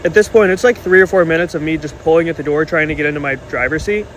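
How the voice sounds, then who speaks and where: A man casually telling a story to his phone camera, animated and indignant as he retells it. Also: a little high, fast, low-quality recording. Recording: faint background noise.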